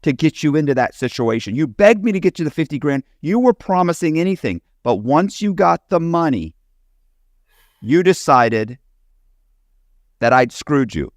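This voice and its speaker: Animated man with lively swooping pitch. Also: moderate pace, no echo, studio quality. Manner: animated, acting out other people's lines in quotes. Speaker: interviewer. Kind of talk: casual conversational interview.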